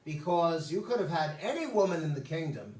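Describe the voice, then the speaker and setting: A solemn biblical prophet speaks slowly, spinning a parable, as a man retelling the story voices him. The voice sits a little high. It carries from across an echoing room. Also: very animated, darkish tone. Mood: accusing. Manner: storytelling, measured. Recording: roomy sound from a distance.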